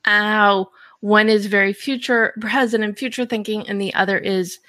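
A woman's voice: mid-range voice, steady tone, moderate pace, bright, forceful tone, no room sound. A woman hosting a podcast, talking enthusiastically in a casual conversation and often restarting her sentences. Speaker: podcast host.

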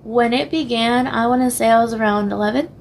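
A young woman whose voice is wearing hoarse, talking as a guest on a podcast in a hesitant, halting way, full of pauses and restarts. She slips between languages mid-sentence. Faint ambient noise sits under the recording. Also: fairly high pitch. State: losing her voice, hoarse. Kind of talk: candid personal interview.

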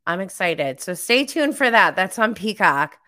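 A woman's voice: medium pitch, sing-song, measured pace, sharp tone. A woman hosting a podcast, chatting casually through a live recap with many fillers and giggles. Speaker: podcast host.

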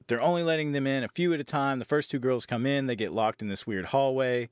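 A man's voice: medium pitch, quick pace, clear, resonant tone, dry recording, studio quality. A man hosting a podcast, casually retelling a movie's plot with profanity, sarcasm and disbelief. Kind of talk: casual movie review recap.

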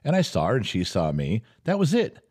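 A middle-aged man hosts a casual podcast chat, his voice sitting on the low side. He tells stories with lively, swooping intonation and animated exasperation. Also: a little fast, husky. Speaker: podcast host. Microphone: studio podcast mic.

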